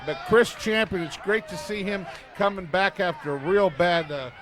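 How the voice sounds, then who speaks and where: A high-pitched man does color commentary on a wrestling broadcast. He plugs upcoming events and praises the wrestlers in a folksy, hyped-up drawl full of "I tell you what". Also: normal speed, a crowd in the background.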